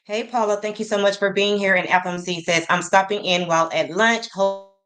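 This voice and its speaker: A woman hosting a casual livestream, greeting her chat by name and reading messages aloud slowly. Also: medium pitch, steady tone, a bit bright. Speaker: livestream host.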